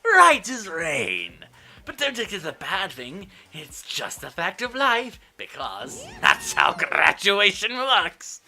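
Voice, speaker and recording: Guy putting on a cackly evil bear mascot, high bouncy voice, game music under it. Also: wildly swooping pitch, bright, forceful tone, exaggerated voice. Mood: gleeful. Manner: sing-song, taunting, drawn-out. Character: gleeful sadistic bear mascot, male.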